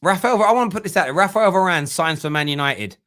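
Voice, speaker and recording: A man's voice: high voice, animated, fast talker, bright, forceful tone. A young man hosting a casual football fan live stream, joking and reading viewers' comments aloud. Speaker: fan channel host.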